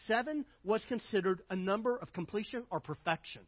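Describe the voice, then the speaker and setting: An older man preaching a sermon as pastor, emphatic and building to loud repeated phrases, then dropping to quiet asides. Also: high-pitched, expressive, normal speed, hardly any pauses, dry recording, highs cut off.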